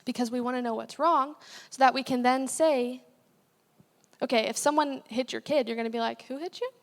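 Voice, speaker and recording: A woman's voice: high voice, steady tone, moderate pace. A young adult woman, a guest speaker, preaching a sermon in a conversational, candid way with frequent asides and self-corrections. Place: church sanctuary. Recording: long hall reverb.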